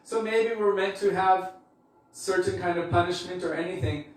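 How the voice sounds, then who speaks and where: His voice is high with fairly even intonation and a moderate pace as this male preacher tells a personal story. The delivery is casual, conversational, and full of fillers, captured with a far-off mic in an echoey hall.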